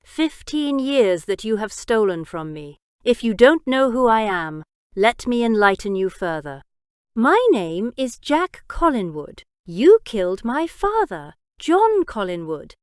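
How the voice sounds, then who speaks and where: A woman voicing a cold, deliberate vigilante avenger. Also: fairly high pitch, big pitch swings, darkish tone, clear, resonant tone, no echo, clean studio sound. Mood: menacing.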